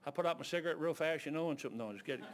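A man delivers a storytelling sermon in a folksy manner, full of filler words and restarted sentences, and he performs the voices of the people in his stories. His voice is on the high side, expressive and rapid-fire.

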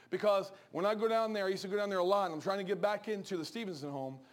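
A middle-aged man, preaching a joking, storytelling sermon that turns soft and low for serious points. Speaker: pastor.

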